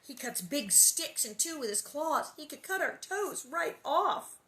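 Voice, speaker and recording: A woman's voice: sits high, animated, a little slow, pushed and bright, reverberant, pitched above the performer's own voice, exaggerated voice. A woman reading aloud voices a mischievous pioneer girl, raised and playful. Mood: sly.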